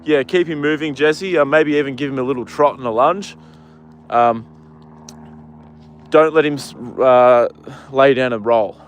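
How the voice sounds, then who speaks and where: A man's voice: mid-range voice, unhurried, long pauses, a little hiss or hum. Laid-back man chatting on a live stream. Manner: chatty, rambling, answers viewer comments, swears freely. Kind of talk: casual live stream chat. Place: outdoors at a horse paddock.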